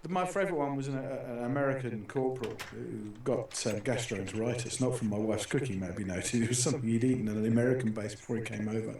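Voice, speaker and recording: A man's voice: mid-range voice, fast talker, hardly any pauses, a little mellow, distant mic, slight background noise. Rambling British man in an echoey room. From Britain. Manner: rambling storyteller with many restarts and fillers. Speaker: talk show host. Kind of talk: casual chat.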